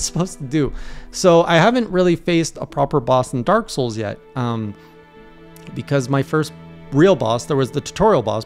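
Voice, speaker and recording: A man's voice: a little high, clean tone. A young man recapping a video game run in a casual video journal, acting out his own panicked reactions as he tells it. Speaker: streamer recapping his playthrough.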